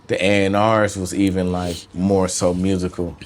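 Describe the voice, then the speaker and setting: A man with a very deep, low-pitched voice talks loosely and casually as a studio interview guest. He drifts between thoughts, trails off and picks back up in relaxed slang. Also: normal speed. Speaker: musician guest.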